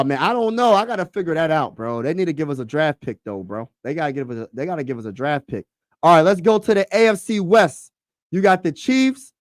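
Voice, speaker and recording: A man hosting a casual sports talk livestream, excitable and slangy, repeating himself and talking to his chat. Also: a little high, no room sound, studio quality.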